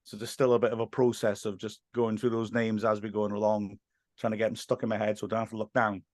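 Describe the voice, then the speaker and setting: A man's voice: on the low side, level tone, fast talker, no echo, studio quality. A man who commentates on football, telling self-deprecating stories in a casual podcast chat and laughing often. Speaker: English teacher.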